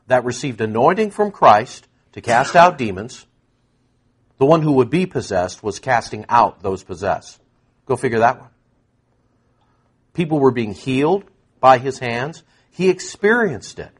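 A man preaching a sermon, shifting from hushed asides to loud, stressed peaks and repeating words for emphasis. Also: fairly high pitch, slightly rough.

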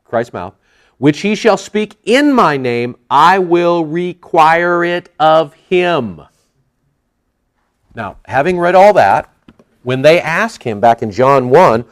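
A man teaching from the Bible in a sermon, animated and joking, acting out the people he quotes. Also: a little high, takes it slowly. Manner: animated, jokey, acts out quoted voices. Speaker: preacher.

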